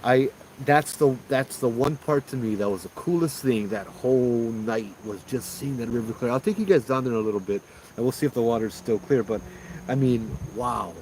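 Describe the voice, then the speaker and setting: A man hosting a live stream outdoors at night, telling his own ghost stories in an excited, rambling way with lots of fillers. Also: mid-range voice, moderate pace, slight background noise, rough recording. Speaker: paranormal storyteller host. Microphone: phones streaming live.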